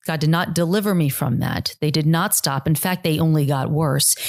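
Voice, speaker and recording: A woman in her forties hosting a podcast, telling personal stories in an earnest, reflective way with frequent restarts. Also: on the low side. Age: 40s. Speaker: podcast host. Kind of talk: personal storytelling monologue.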